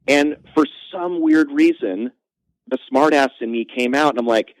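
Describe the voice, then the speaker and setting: A man, a comedian guest on a podcast, telling self-mocking anecdotes in a lively conversational way. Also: dry recording, poor audio. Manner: animated, self-mocking anecdotes with quick pitch jumps. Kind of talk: conversational storytelling.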